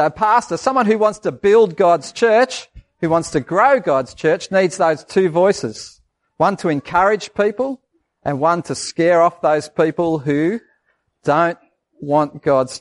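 A male pastor giving a lively children's sermon, asking the kids questions and acting out voices. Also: fairly high pitch, measured pace.

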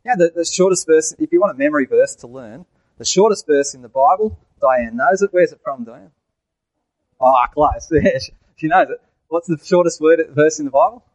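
A man's voice: fairly high pitch, animated, fairly quick, a little mellow, no echo, rough recording. A man preaching a sermon in church, asking the congregation questions and telling jokes.

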